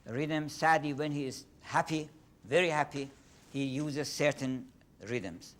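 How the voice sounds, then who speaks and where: Older man, Persian-accented lecturer. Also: on the high side. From Iran. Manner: halting, many fillers and restarts. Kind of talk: lecture on poetry.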